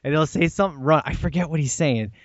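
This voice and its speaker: A man co-hosting a casual movie podcast, animated and laughing often as he acts out quotes. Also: fairly high pitch, quick pace, no echo. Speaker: podcast co-host. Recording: dry, dull lo-fi sound.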